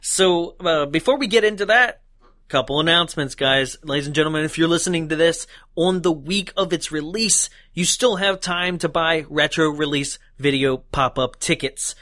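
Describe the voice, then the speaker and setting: A man's voice: fairly high pitch, normal speed, bright, forceful tone, no echo, clean studio sound. A man co-hosting a casual podcast, laughing often and chatting loosely. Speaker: podcast co-host.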